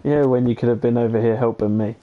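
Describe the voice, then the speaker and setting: A man's voice: medium pitch, fairly even intonation, fast. A man playing a block-building game with a friend, teasing him playfully and giggling often. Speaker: co-player. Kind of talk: casual let's-play chat. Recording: muffled, lo-fi voice chat with faint background noise.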